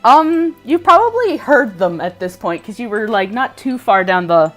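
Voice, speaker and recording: A woman's voice: a little high, big pitch swings, normal speed, fairly bright tone, faint music behind. A woman running a tabletop game as game master, narrating playfully with frequent laughter.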